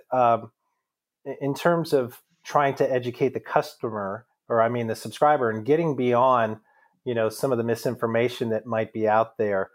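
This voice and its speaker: A man hosting an interview asks long, meandering questions, pausing with fillers as he goes. His voice is mid-pitched and plain. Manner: rambling, hesitant questions with many fillers. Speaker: podcast co-host.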